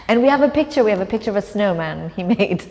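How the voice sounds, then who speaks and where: A woman's voice: mid-range voice, expressive, fast, darkish tone. A woman author telling a personal story at a live onstage conversation, reflective and laughing often. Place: event room with long reverb. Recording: live talk with hall reverb.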